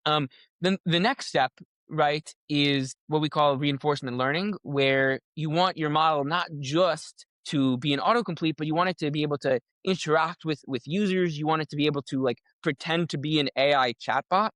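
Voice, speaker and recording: A man in casual podcast talk, explaining a technical idea through a running playful analogy. His voice sits a little higher than most men's. He is heard close and dry, with no room sound, and he restarts his phrases often as he thinks aloud. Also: moderate pace, a bit bright, no echo. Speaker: podcast guest, AI safety researcher.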